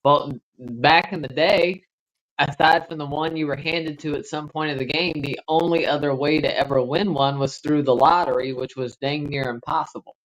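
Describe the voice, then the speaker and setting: A man's voice: on the high side, steady tone, moderate pace, fairly bright tone, dull audio. A man co-hosting a livestream, chatting casually while gaming and telling rambling anecdotes with cautious recommendations. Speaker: livestream co-host.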